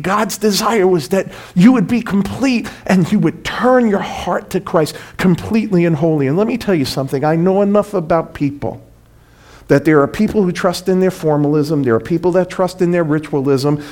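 A male preacher with a high voice delivers a sermon. He is emphatic, rising to loud exclamations and then dropping to hushed, slow lines. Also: lively intonation.

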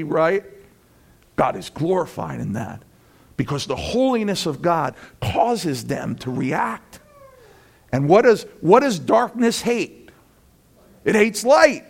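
A male pastor preaching a sermon in an animated way, acting out the voices of friends and building to loud peaks. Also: high voice, takes it slowly, gravelly.

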